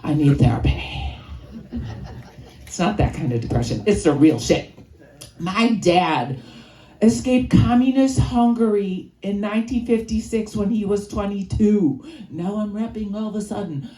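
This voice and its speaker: A woman's voice: medium pitch, unhurried, warm tone, slight background noise. A woman from Chicago with a nasal voice and a Chicago accent doing a rambling, crude, self-deprecating stand-up set. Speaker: stand-up comedian. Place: stage in a comedy venue. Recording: echoey room.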